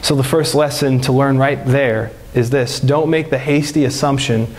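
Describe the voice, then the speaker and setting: A man's voice: medium pitch, steady tone, moderate pace, a little mellow. A man preaching a sermon as pastor, earnest, his voice climbing when he presses a point. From United States.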